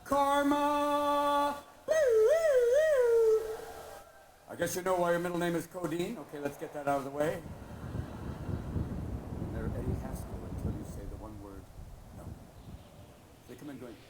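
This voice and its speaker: A middle-aged man performing a stand-up comedy routine, jumping between mumbled asides and shouted bits. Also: mid-range voice, fast. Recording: roomy live recording with background noise.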